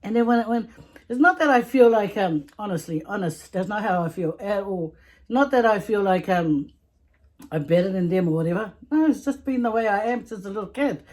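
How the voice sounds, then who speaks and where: A woman's voice: medium pitch, expressive, normal speed, a little mellow. A woman with a Samoan English accent chatting in a casual storytime vlog while eating, talkative, laughing often and repeating herself. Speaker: vlogger.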